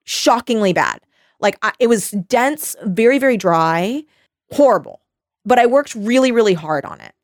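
A woman in her thirties tells stories in a casual chat and keeps breaking into laughter. She acts out other people's voices and swings widely in pitch. The sound is dry and close. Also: normal speed, no room sound. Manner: animated storytelling, acts out quoted voices; laughs often. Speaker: podcast host.

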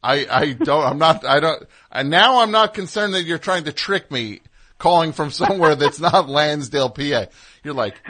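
Chatty male radio host with lively pitch. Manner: talkative, jokey, riffs and does quick voices. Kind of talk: casual call-in chat.

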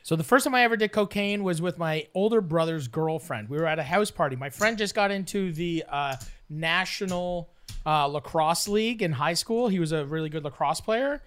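A young man from Canada telling a rambling, profane story in casual chat, acting out scenes with loud bursts. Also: a little high, moderate pace, smooth. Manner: rambling, profane, animated, acts out the scenes with shouts. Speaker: storyteller guest.

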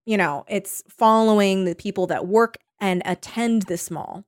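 Chatting casually as a podcast co-host, this woman rambles, uses lots of fillers and giggles frequently. She speaks a bit slowly in a medium-pitched voice, recorded cleanly in a studio with no room sound.

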